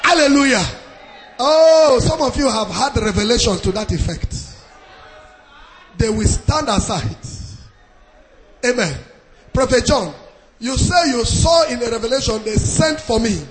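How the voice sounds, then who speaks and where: A pastor preaching a fervent sermon in a sing-song style, shouting hallelujahs and repeating phrases for emphasis. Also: male voice, very high voice, animated, a little slow, pauses often, a faint crowd, a little hiss or hum.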